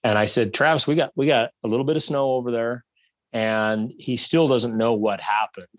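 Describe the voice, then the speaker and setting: A man telling a hunting story in a casual, animated way, acting out shots and bits of dialogue. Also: medium pitch, moderate pace, no echo.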